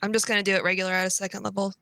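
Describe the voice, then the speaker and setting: A woman's voice: medium pitch, level tone, rapid-fire, creaky, pushed and bright. A woman playing a tabletop role-playing game, thinking aloud hesitantly with many ums. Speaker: player. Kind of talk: casual tabletop play.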